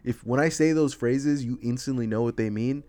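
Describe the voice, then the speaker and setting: A man's voice: medium pitch, moderate pace, mellow, dry recording. A young man hosting a podcast, telling rambling stories in casual chat, laughing often and swearing freely. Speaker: podcast host.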